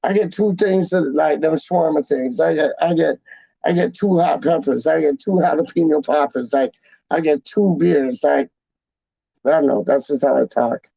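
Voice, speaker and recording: A man hosting a casual livestream, with a gravelly, somewhat high voice. His tone is dark and mellow, and the sound is close and dry. He rambles in slang, repeating himself and calling people "dog" and "man.". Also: normal speed, no room sound, rough recording. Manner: rambling, talks straight to the live chat. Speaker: fan channel livestream host.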